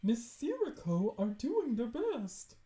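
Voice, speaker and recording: A woman voicing a kindly, gently worried older mother with a Derry accent, speaking softly and affectionately. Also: fairly high pitch, very animated, takes it slowly, voice pushed up. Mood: concerned. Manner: soft, affectionate, calls others dearie.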